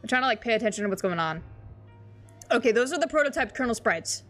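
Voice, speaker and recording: A woman's voice: on the high side, animated, quick pace, a bit bright, faint music behind. A young woman casually reacting on a livestream, swearing often and making sarcastic asides. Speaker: streamer reacting to a webcomic.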